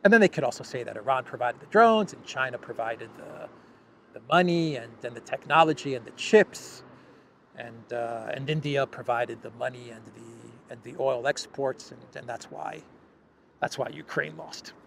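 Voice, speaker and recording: A man's voice: mid-range voice, moderate pace, gravelly, a bit bright, a little hiss or hum. A man hosting a political news commentary show, talking in a sarcastic, scoffing way and often restarting his phrases. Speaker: host.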